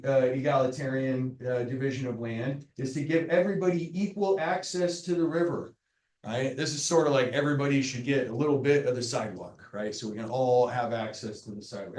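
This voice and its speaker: A man's voice: medium pitch, a little mellow, far from the mic. A man giving a university lecture in a casual, joking way, often checking in with "right?". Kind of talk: classroom lecture. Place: lecture hall. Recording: echoey lecture hall, speaker off mic.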